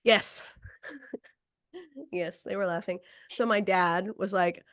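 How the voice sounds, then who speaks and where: A woman's voice: medium pitch, fairly even intonation, slow, pauses often, a bit bright, dry recording, clean studio sound. A woman podcast host casually telling a story, acting out quotes and laughing between lines.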